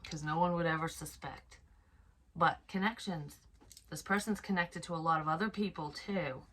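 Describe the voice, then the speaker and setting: A woman giving an unscripted psychic reading, soft and hesitant, thinking aloud with many restarts and casual swearing. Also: low voice, normal speed. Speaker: psychic medium.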